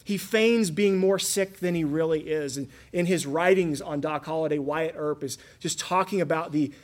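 A man in his thirties preaching a sermon, telling stories earnestly and asking his listeners rhetorical questions, shifting between loud and hushed. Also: fairly high pitch, normal speed. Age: 30s. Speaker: pastor.

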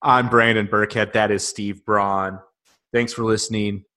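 Male podcast host, Southern Illinois accent, low voice, laid-back and jokey. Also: little pitch movement, a little slow, pushed and bright. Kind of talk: casual sports podcast chat.

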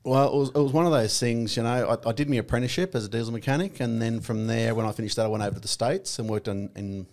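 A middle-aged Australian man, a podcast guest, talking in a relaxed and plainspoken way with lots of ums and uhs. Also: mid-range voice, racing, few pauses. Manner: relaxed, plainspoken, many fillers. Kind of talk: casual podcast interview.

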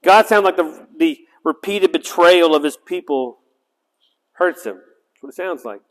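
Guy teaching bible study to small groups, kinda high voice, long echo in a big hall. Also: a little slow. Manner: chatty, breaks into asides and asks "right?". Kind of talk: casual Bible teaching with scripture reading.

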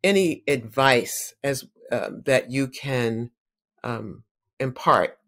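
A woman interviews a guest, asking hesitant questions filled with ums and chiming in to agree. Her voice is very low for a woman. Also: slow, fairly bright tone.

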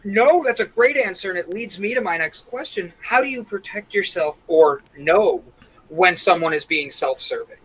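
A man's voice: high-pitched, moderate pace, sharp tone, breathy edge, poor audio. A man hosting an interview, asking curious, upbeat questions. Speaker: host. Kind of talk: casual interview talk.

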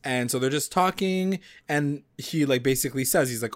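Young guy retelling a tv episode, lively and laughing, mid pitch, dry sound. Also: moderate pace, no echo. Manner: animated storytelling, swears, laughs often. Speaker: co-host recapping a TV episode. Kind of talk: casual chat.

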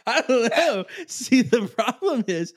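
A man's voice: extremely high pitch, very animated, measured pace, no room sound, studio quality. A man who works as a youth pastor, joking and laughing often in a casual chat.

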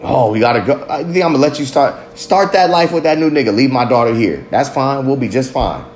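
A man in the middle of his range talks bluntly and swears freely, baring his thoughts in a candid confessional monologue. His voice rings around a roomy, echoey space with a faint low rumble underneath. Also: expressive, brisk, darkish tone. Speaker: father. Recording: roomy echo.

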